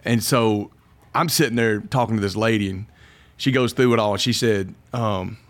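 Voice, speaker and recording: A middle-aged man, a pastor telling his story in a casual interview, folksy and quick to laugh. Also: on the low side. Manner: folksy, laughs often, quotes himself.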